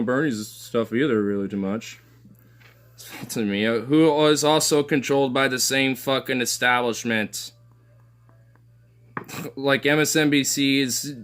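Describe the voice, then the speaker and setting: A man rants through a casual political talk, swearing freely and piling up filler words as he goes. His voice sits at an ordinary middle pitch, and scoffing sarcasm runs through his delivery. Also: a bit bright. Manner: profane, rambling, heavy filler words.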